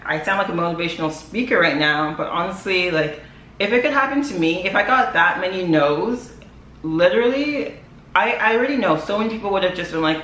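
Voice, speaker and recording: A young woman vlogs to camera in a casual, chatty, emotional way, laughing often and filling her talk with "like." Her lowish voice is expressive, brisk, and a little bright. The room is echoey, with faint ambient noise behind her.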